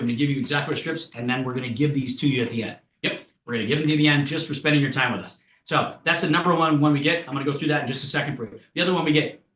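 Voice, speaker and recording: An excitable man leads a sales training with hyped, punchy energy, his words tumbling out quickly in a bright, forceful voice. The room around him rings with a noticeable echo. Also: a little high. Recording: roomy echo.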